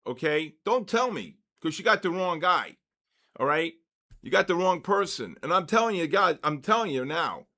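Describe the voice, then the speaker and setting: Male, 60s, veteran trading host; slightly raised pitch, forceful lecturing delivery with constant check-ins. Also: animated, moderate pace. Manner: emphatic, lecturing, repeats points with "okay?" and "all right?". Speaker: trading educator hosting a live session. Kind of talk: live-streamed trading lecture.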